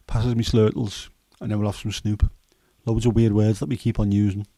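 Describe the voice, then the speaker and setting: A man in his fifties with a Scouse accent and a hoarse throat, hosting a casual chat livestream in a rambling, jokey way with many fillers. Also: lowish voice, flat delivery, normal speed, mellow, no room sound. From Liverpool, England. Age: 50s. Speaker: livestream host.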